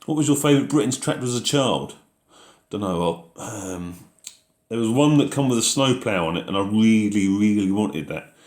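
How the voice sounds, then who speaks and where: Host, male: relaxed farmer reading viewer questions aloud, lowish voice, echoey space. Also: moderate pace. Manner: easygoing, reads out viewer questions then answers. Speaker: farming video host answering live chat. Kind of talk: casual live Q&A chat.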